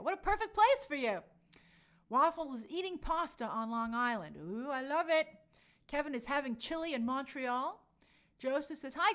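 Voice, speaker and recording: A woman's voice: sits high, fairly bright tone. A woman hosting a casual live stream, reading viewer comments aloud and reacting in an upbeat, chatty way. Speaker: livestream host reading chat.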